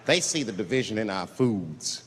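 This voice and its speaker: A man doing a stand-up comedy set, telling a story in an animated way on a theater stage into a handheld mic. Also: moderate pace. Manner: animated storytelling, jumps into shrill put-on voices. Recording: hall reverb, crowd laughter noise.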